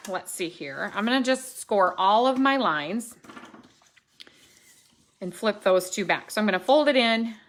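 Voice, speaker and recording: A woman's voice: mid-range voice, fairly bright tone. A middle-aged woman, chatting through a live card-making demonstration, thinking aloud and correcting herself as she works. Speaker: stamping demonstrator.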